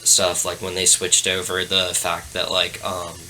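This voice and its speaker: A man's voice: low voice, monotone, unhurried, pushed and bright, low-quality recording. A young man as a podcast guest, chatting hesitantly with many fillers. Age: young adult. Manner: hesitant, lots of fillers and restarts. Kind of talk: casual chat. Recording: faint background noise.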